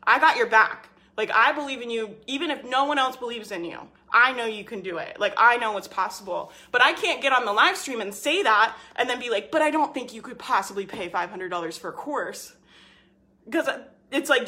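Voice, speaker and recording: A woman with a slightly high, bright, forceful voice coaching her audience on a live stream. She talks casually and persuasively, hammering her points home with constant "like" and "right?". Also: animated, fairly quick. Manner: emphatic and persuasive, leans on "like" and "right?"; answers viewer comments by name. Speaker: business coach.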